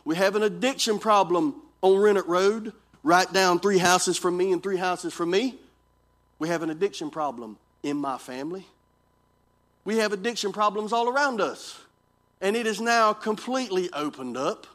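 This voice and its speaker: High-voiced preacher man. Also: normal speed. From North Carolina, US. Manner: animated, repetitive, acts out scenes. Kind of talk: storytelling sermon to young people.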